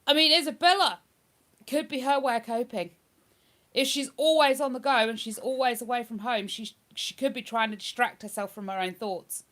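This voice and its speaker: Casual live-stream host: a woman with a bright, slightly high voice who chats freely with viewers. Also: moderate pace. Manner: chatty, reads viewer comments aloud and answers them.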